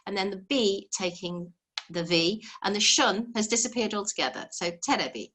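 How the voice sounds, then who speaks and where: A woman with a mid-range, slightly bright voice, speaking at normal speed, teaches a live online language lesson over a video call. She explains things patiently, step by step, and encourages her students.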